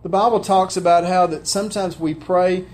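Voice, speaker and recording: A man's voice: high-pitched, fairly even intonation, moderate pace, a little mellow. A man preaching a sermon, conversational and heartfelt, often asking his listeners questions. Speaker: pastor.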